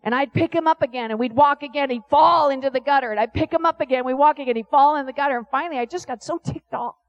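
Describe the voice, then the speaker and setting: A woman preaching a sermon, telling stories with lively asides and acting out the voices of people she quotes. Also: sits high, quick pace, muffled recording. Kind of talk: animated sermon storytelling.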